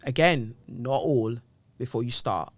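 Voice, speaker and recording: A woman with a London accent hosts a chatty commentary podcast. She talks in a lively, sarcastic way and jumps into mocking voices for her asides. The recording is dry and close, with no room sound. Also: a bass voice, measured pace, dry recording. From England. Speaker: podcast host. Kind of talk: casual commentary.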